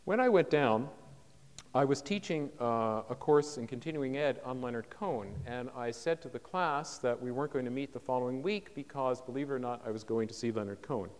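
A man's voice: medium pitch, a little fast. A man giving a public lecture as a biographer, telling anecdotes with dry, self-deprecating humour to a live audience. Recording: long hall reverb.

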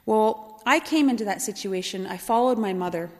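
A woman from Kahnawake, Quebec, telling a personal story in a lively way, often laughing and acting out what other people said. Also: medium pitch, moderate pace, big-room sound. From Kahnawake Mohawk community, Quebec, Canada. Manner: animated, laughing at her own story, voices others in dialogue. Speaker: storyteller recalling her youth.

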